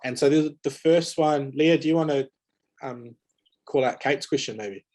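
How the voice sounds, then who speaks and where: A man's voice: mid-range voice, normal speed, a little mellow. A man moderating an online panel discussion over a video call, speaking earnestly from personal experience. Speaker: webinar moderator.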